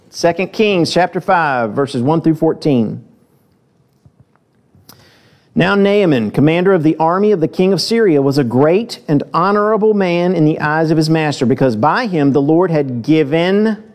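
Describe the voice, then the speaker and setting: A man preaching a sermon in a church, reading scripture with lively acted voices and then talking plainly to the congregation with direct questions. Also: on the high side, moderate pace. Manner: asks the listeners direct questions.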